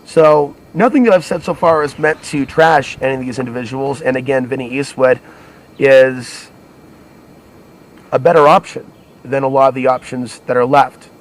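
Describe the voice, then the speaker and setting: A man's voice: medium pitch, fairly even intonation, normal speed. Male channel host, solo talk, rambling delivery with frequent self-corrections. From United States. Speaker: alternative media channel host. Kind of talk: solo monologue to camera.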